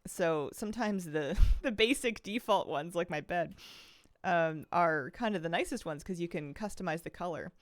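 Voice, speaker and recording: A woman's voice: lowish voice, normal speed, dry recording. A woman from the Pacific Northwest streaming a game, chatting casually and rambling, with a slight lisp and frequent sighs. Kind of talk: casual chat while gaming.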